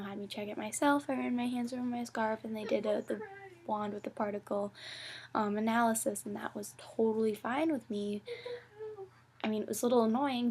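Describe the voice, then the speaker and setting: Young woman vlogging her day, husky and a bit gravelly, keeps sliding into a whisper. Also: medium pitch, a little mellow. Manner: talks in fillers and acted-out quotes, often drops to a near whisper. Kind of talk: casual vlog recap.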